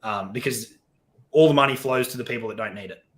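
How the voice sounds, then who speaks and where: A man's voice: medium pitch, quick pace. A man talking as a podcast guest in casual chat, blunt and swearing, often quoting himself.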